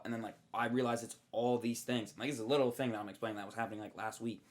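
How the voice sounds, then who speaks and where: A young man co-hosting a podcast in casual chat, slangy, swearing and animated as he tells stories. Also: medium pitch, rapid-fire, few pauses. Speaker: podcast co-host.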